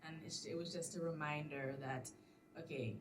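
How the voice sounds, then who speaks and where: A young woman in her twenties, a teacher, telling an animated story on a casual podcast, quick to laugh and act out what people said. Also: low voice. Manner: animated storyteller, laughing often, acting out quotes. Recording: distant mic with noticeable background noise.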